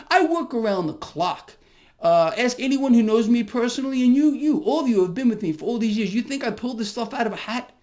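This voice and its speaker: Fired-up Brooklyn-accented man, market commentator, high voice swinging wildly in pitch. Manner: hyped-up, emphatic, swearing. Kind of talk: fired-up video rant.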